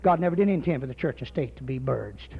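Fiery folksy preacher guy, lively up and down voice, shouts a lot. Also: mid-range voice, quick pace, gravelly, a little hiss or hum. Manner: fervent, folksy, shouting at times. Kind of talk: fiery sermon. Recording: slightly muffled recording.

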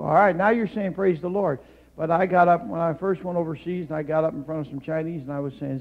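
A male guest preacher and missionary giving a Pentecostal sermon in a church, climbing to shouted peaks, then dropping into calm storytelling, with "amen" and "hallelujah" scattered throughout. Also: fairly high pitch, creaky, phone-quality sound. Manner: fills pauses with "amen" and "hallelujah". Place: church sanctuary.

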